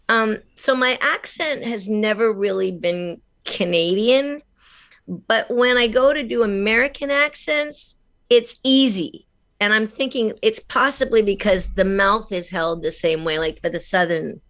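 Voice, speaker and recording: A woman's voice: medium pitch, moderate pace, fairly bright tone. A woman from Australia, a guest voice actress in a casual interview, talking in a chatty, laughing way and often restarting her phrases.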